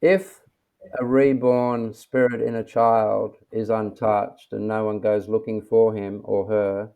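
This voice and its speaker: Male interview guest, deep with a rough, fried edge, calm and unhurried, heard over a tinny call line. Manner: calm, unhurried, self-assured. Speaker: interview guest, mystic teacher. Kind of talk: reflective interview talk. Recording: thin phone-like audio.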